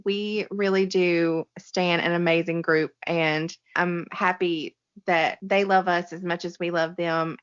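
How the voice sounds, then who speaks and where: A woman's voice: on the low side, dry recording. A woman co-hosting a fan podcast, speaking sincerely and affectionately. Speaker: podcast co-host. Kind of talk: casual fan podcast chat. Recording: dull lo-fi dry recording.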